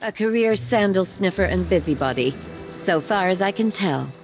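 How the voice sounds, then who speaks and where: A man's voice: high voice, lively intonation, normal speed, voice pushed up. Guy doing a sly teasing island lady, bouncy up-and-down voice, game music underneath. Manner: dry, teasing retorts. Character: sly, mocking young island woman in uniform.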